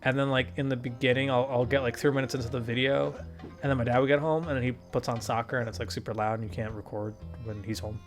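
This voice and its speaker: A man's voice: mid-range voice, fairly even intonation, fast talker, soft background music. A young man hosting a gaming video, telling rambling stories in casual chat, swearing and laughing often. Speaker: gaming channel host. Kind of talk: casual chat over gameplay.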